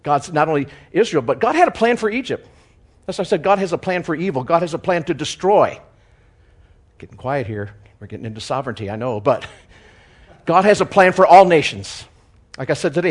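A man with a slightly high voice preaches a sermon, swinging from loud emphasis to quiet joking asides and chuckling at his own lines.

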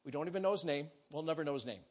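A man preaching a sermon, telling a story with great animation and acting out the characters, sometimes shouting and sometimes whispering. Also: a little high, expressive, very fast.

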